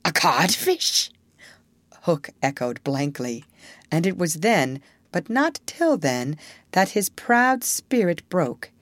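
A woman narrating a storybook in an expressive, measured reading. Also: fairly low pitch, dry recording.

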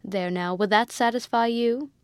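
A woman reads a proud young army officer who flares up fast and shouts in indignation, his lines pitched a little higher and louder than the narration. The recording is close and dry, with no room sound. It is read as an audiobook. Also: smooth, dry recording, close to an everyday voice. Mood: pleading. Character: hot-tempered young male army lieutenant. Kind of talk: audiobook reading.

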